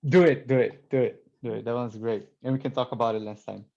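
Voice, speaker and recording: A man's voice: medium pitch, fairly even intonation, vocal fry, darkish tone. Laughing man on a muffled video call. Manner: laughs often, quick asides. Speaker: host. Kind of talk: casual video call chat.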